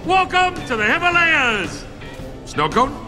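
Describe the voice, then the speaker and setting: A man voicing cartoon cars and trucks in animated film clips, excited and shouty. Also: very high-pitched, measured pace, music in the background, exaggerated voice. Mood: excitable.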